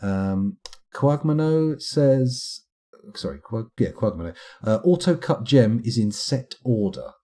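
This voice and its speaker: Dark, husky British man rambling. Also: fairly low pitch, very animated, normal speed, few pauses. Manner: rambling, self-deprecating, chatty. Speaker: game streamer. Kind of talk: live stream commentary.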